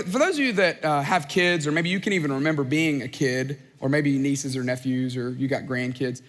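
A pastor with a high voice preaches to his congregation, chatty and playful, dropping in jokes and silly voices. His words ring out with the long reverb of a large hall. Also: fairly bright tone. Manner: conversational, joking asides, playful put-on voices. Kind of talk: sermon.

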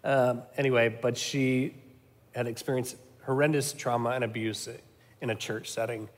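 A man's voice: medium pitch, steady tone, normal speed. Earnest middle-aged man in a reverberant room. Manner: earnest, rambling with fillers and laughs. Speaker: guest, camp founder. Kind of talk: storytelling in conversation.

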